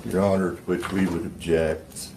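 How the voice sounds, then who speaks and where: A man attorney objecting in a courtroom, forceful and scolding. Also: deep voice, flat delivery, moderate pace, background noise. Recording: echoey courtroom.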